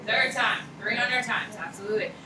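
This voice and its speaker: A woman teaching a high school history class, blunt and slangy, firing questions at her students. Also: normal speed, sharp tone, a little hiss or hum. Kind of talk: classroom lecture. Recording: echoey classroom, mic far off.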